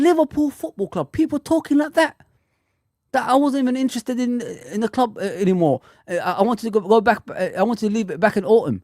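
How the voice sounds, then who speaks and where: A man's voice: high voice, no room sound, clean studio sound. A man ranting angrily on a live fan stream, swearing often and repeating himself. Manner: angry, sweary, repetitive ranting.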